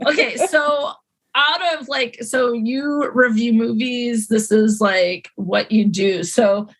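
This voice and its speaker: A young woman hosting a podcast in casual chat, laughing often and getting animated when she quotes. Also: fairly high pitch, slow. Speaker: podcast host.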